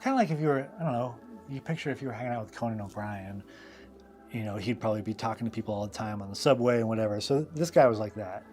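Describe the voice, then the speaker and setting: A man's voice: fairly low pitch, fast, darkish tone, faint music behind. Rambling man telling stories while drawing. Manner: rambling, loose, many fillers and asides. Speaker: host and illustrator. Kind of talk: casual storytelling while live drawing.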